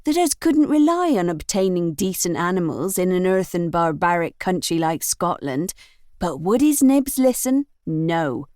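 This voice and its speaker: A woman's voice: on the low side, big pitch swings, measured pace, darkish tone, dry recording, studio quality. A woman voicing a resentful male coachman who grumbles in rustic dialect. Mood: bitter.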